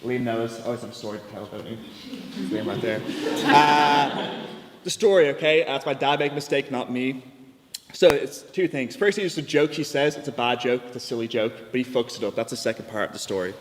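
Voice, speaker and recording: A man's voice: mid-range voice, brisk. A young man giving a chatty, jokey floor speech in a student debating chamber. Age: young adult. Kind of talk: informal storytelling speech. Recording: long hall reverb, faint background noise.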